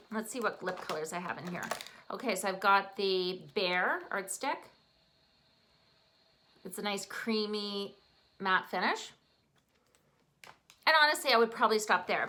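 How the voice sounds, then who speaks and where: A woman's voice: mid-range voice, sharp tone, a little hiss or hum. A woman with a Canadian accent, chatting casually through a makeup tutorial in an upbeat way. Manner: chatty, upbeat, talks while applying makeup. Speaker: makeup artist.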